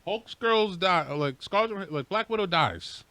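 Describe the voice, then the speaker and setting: A man co-hosting a podcast, ranting in a profane, slangy, animated way during casual chat. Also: high voice, moderate pace, no echo. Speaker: podcast co-host.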